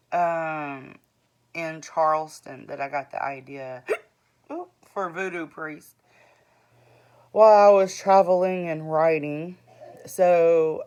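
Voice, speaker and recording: A woman's voice: fairly low pitch, darkish tone, clean tone. A woman in her forties, an author giving a rambling, earnest vlog update about her books, full of ums and restarts. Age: 40s. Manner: earnest, plain-spoken.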